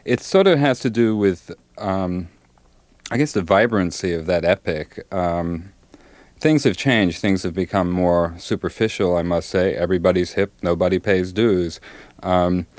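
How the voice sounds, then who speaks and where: A middle-aged man, a novelist, answering interview questions thoughtfully with many pauses and fillers, and reading from his book. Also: low voice, a little mellow, no echo.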